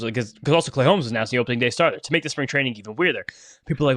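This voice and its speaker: A man's voice: mid-range voice, rapid-fire, no room sound, studio quality. A man co-hosting a casual podcast, talking in long, rambling runs and swearing now and then. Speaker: podcast co-host. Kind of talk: casual chat.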